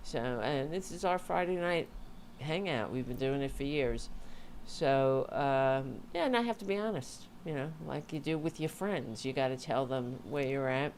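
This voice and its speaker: A woman's voice: rumbling low, normal speed, hardly any pauses, a little mellow, slight background noise. A woman hosting her own livestream from home, chatting casually and rambling with self-interruptions, sounding tired. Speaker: host of a livestream show. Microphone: home mic with audio interface.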